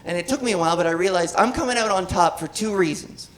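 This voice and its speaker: A woman in her thirties with a resonant voice performing a stand-up set on a club stage into a handheld mic, swinging into excited shouting when she gets worked up. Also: fairly low pitch, quick pace. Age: 30s. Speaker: stand-up comedian.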